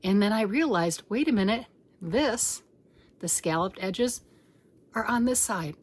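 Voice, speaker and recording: A woman's voice: on the low side, moderate pace, slightly rough. Middle-aged woman gushing about her crochet blanket at home, chatty, goes whispery now and then. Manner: chatty and excitable, drops to whispers. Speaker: crochet channel host. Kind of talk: casual show-and-tell chat.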